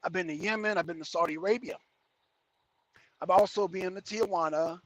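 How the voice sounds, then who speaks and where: Driving a heavy truck down the road, a man livestreams in a high, brisk voice, rambling through chat comments, cracking jokes and commenting on his driving. The recording is dry.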